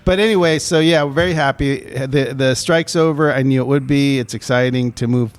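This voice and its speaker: A man's voice: mid-range voice, a little fast. A man co-hosting a podcast, a film producer explaining the business side in a loose, rambling way, often correcting himself mid-sentence. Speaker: podcast co-host. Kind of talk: casual podcast chat.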